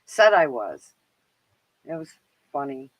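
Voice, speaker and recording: A middle-aged Canadian woman with a Canadian accent hosts a livestream show, chatting casually and rambling with plenty of fillers and laughs. Her very deep voice is very animated and slow, and the audio is poor.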